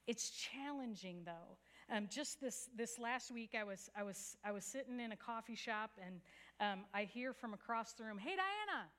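A woman's voice: a little high, moderate pace. A woman pastor preaching a sermon, telling a story in an earnest, conversational way. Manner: earnest storytelling with a few soft laughs.

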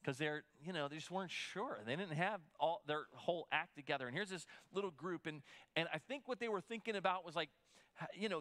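Male pastor preaching to his congregation; a slightly raised pitch, loose conversational delivery with frequent restarts. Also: expressive, fairly quick, bright, forceful tone. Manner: conversational, repeats words when restarting. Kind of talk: sermon.

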